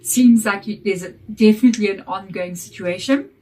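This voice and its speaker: A woman giving a casual tarot reading to camera, croaky from a chesty cold, reassuring and direct. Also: mid-range voice, normal speed, darkish tone. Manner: reassuring and direct, checking in with "okay?". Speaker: tarot reader.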